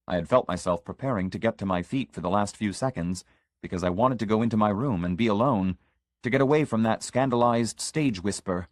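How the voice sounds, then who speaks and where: Male audiobook narrator: low voice, dry booth sound, measured, reflective first-person storytelling. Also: animated, dry recording.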